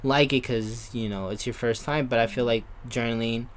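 A man's voice: medium pitch, fairly even intonation, normal speed, a little hiss or hum. A young man, a podcast guest, talking in a casual, rambling way full of fillers. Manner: rambling, many fillers like "you know" and "kinda". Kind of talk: casual chat.

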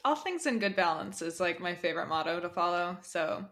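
A woman's voice: lowish voice, expressive, a little fast, a bit bright. A woman hosting a podcast in casual chat, upbeat and easygoing. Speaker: podcast host.

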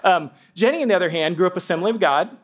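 A pastor preaching to a congregation in church, telling stories with lively asides and laughter and speaking straight to the people in front of him. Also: male voice, high voice, rapid-fire. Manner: animated storytelling with asides and laughter. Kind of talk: sermon.

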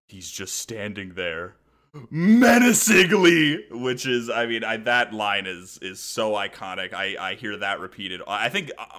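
A man co-hosting a podcast, recapping cartoon episodes in animated casual chat and laughing often as he tells it. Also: fairly low pitch. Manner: animated retelling, laughs often, acts out quoted lines. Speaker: podcast co-host.

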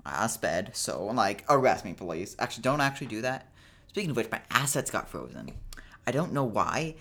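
A man's voice: mid-range voice, sing-song, moderate pace, gravelly, sharp tone. A young man hosting a casual solo podcast, rambling and joking in a self-deprecating way, sounding a bit tired. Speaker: podcast host.

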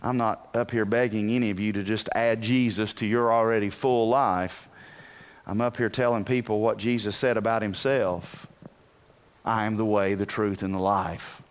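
A man preaching a sermon as pastor, moving from quiet asides to loud bursts and telling folksy, humorous stories. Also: on the low side, fairly even intonation, moderate pace.

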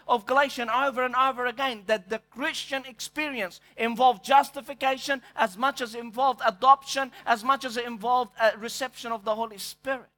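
Man, pastor, very high voice, emphatic sermon delivery. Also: pushed and bright. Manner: emphatic preaching, repeats words when searching.

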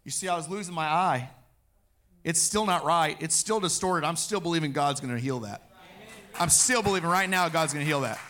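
A man with a fairly high voice preaching his own testimony. His tone is bright and forceful. He tells his story with energy and acts out the lines he once spoke. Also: a little fast. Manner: animated storytelling, acting out his own quotes. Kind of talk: personal testimony sermon.

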